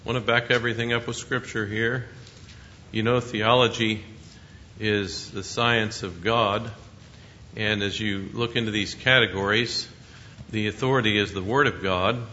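A man teaching a Bible study with a bright, forceful tone, explaining scripture in a measured way. He sits a little low in pitch, and the recording is muffled and lo-fi, with a faint hiss behind him.

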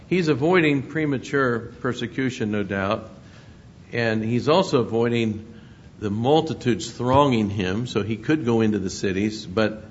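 A man preaching a sermon, reading scripture aloud and stressing words with emphatic rises. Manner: reads scripture aloud with emphatic rises, chuckles between points. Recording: muffled lo-fi recording with faint rumble.

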